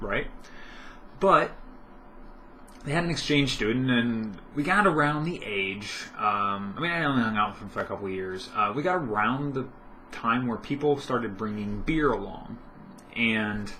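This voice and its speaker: A man's voice: fairly low pitch, sharp tone, slight background noise. A young man vlogging at home in casual chat, rambling with lots of fillers and self-corrections.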